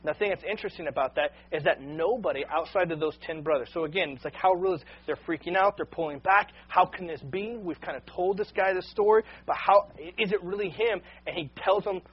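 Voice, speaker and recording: Earnest preacher man, husky and muffled. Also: high-pitched, brisk, few pauses. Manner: earnest, repeats words when starting sentences. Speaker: pastor. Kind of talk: sermon.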